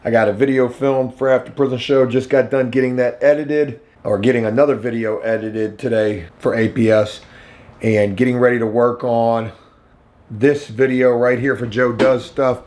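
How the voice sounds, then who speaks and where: A middle-aged man, vlogging casually and swinging between hushed asides and excited outbursts. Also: medium pitch, moderate pace, a little hiss or hum. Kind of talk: casual vlog talk.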